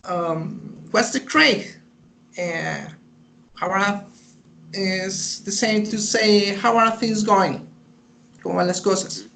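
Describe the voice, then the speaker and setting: A man whose first language is Spanish, presenting his research in a class, speaking haltingly with many fillers and restarts over a video call. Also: high-pitched, vocal fry, sharp tone, a little hiss or hum, low-quality recording. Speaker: student.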